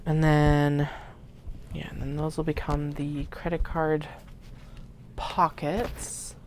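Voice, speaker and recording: A woman hosting a craft livestream, chatting casually and muttering soft half-whispered asides to herself while she cuts fabric. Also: deep voice, flat delivery, slow pace, slight background noise.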